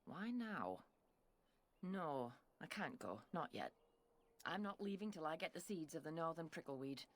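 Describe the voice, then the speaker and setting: Gruff Scottish woman botanist for a fantasy game, dry and impatient, a touch low. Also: sing-song, measured pace, heavily acted. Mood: grumbling. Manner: sardonic, grumbling. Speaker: game character.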